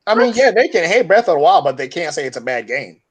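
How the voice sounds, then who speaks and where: A man co-hosting a podcast in casual chat, making measured points. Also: fairly high pitch, very animated, slightly rough. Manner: measured, starts with "I mean". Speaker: podcast co-host.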